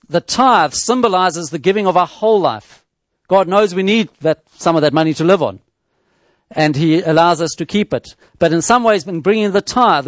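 A man preaching a sermon in a measured teaching tone, with rhetorical questions and frequent restarts. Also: fairly high pitch, no room sound.

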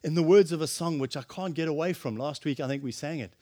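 A man preaching a sermon, impassioned, swinging from loud exclamations to hushed, earnest tones. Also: on the high side, fast talker, hardly any pauses.

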